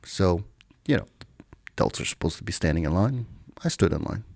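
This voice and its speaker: Gravelly man telling his own story. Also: sits low, a little fast, no echo, studio quality. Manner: animated when acting out quotes, laughs while telling. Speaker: podcast guest. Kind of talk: casual storytelling.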